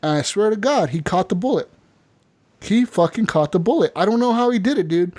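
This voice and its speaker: An animated man telling a story on a casual gaming podcast, full of fillers and profanity. His voice sits on the higher side for a man. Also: fairly quick. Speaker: podcast host.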